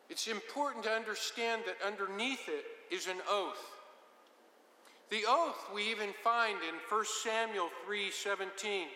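Male Bible teacher, bright tense voice, casual joking delivery, hall reverb. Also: high voice. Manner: conversational, joking asides. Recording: roomy with long reverb.

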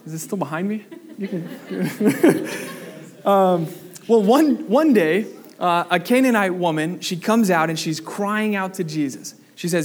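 Man, young adult pastor, sermon, animated, questions the congregation, slightly higher voice. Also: unhurried.

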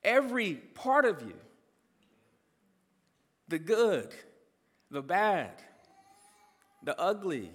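A man preaching a sermon as pastor, emphatic, calling out some lines loudly. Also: sits high, very animated, very slow, pauses often, big-room sound.

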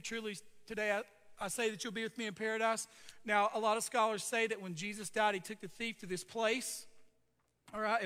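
Pastor, male, high and bright voice, sermon delivery, lots of "okay?" asides, church hall reverb. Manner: storytelling preacher, conversational asides.

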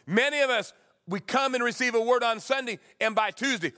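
A man in his sixties, a pastor preaching a sermon with emphatic swings between loud and soft. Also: very high-pitched, fairly quick, clean tone.

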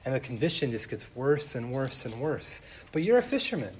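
A man's voice: mid-range voice, big pitch swings, fairly quick, a little hiss or hum. A man preaching a sermon, retelling a story in a casual, chatty way with many fillers. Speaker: pastor.

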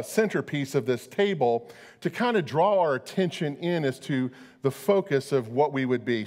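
A middle-aged man preaching a sermon, chatty and storytelling, often repeating his words. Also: mid-range voice. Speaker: pastor. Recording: long hall reverb.

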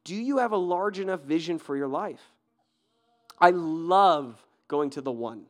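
Energetic male pastor preaching. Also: on the high side, unhurried. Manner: energetic, conversational, asks the audience questions; fillers and repeated restarts. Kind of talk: sermon.

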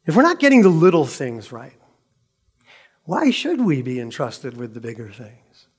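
A man's voice: mid-range voice, huge pitch swings, moderate pace, breathy edge. A man preaching a sermon, reading scripture dramatically and asking rhetorical questions with emphasis.

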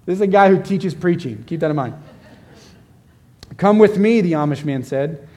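Slightly high-voiced male preacher. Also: a little fast. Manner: animated storyteller who turns quiet and gentle at the close. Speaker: pastor. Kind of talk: sermon with storytelling.

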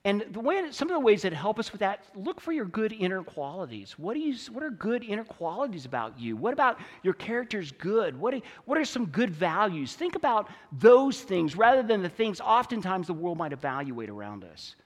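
A preacher talks to his church in an easy, conversational sermon. His voice sits high for a man, and he moves between loud, emphatic stretches and quiet, low ones. A long reverb from the sanctuary trails after his words. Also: very animated, brisk, few pauses.

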